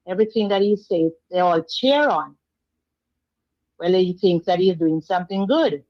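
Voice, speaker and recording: A Jamaican woman calling in to a talk show, earnest and measured. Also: lowish voice. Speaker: caller. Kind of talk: phoned-in call to a talk show. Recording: muffled phone line.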